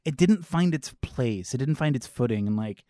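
A young man co-hosting a podcast in casual chat, animated, swearing freely and acting out quotes from a movie. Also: medium pitch, normal speed, dry recording, clean studio sound. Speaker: podcast co-host.

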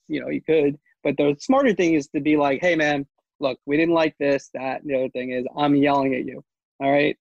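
Man, gravelly, slightly high voice, rambling with fillers, dull dry recording. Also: a little mellow, dry recording. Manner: rambling, many fillers and restarts. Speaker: sports media reporter. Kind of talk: casual interview talk.

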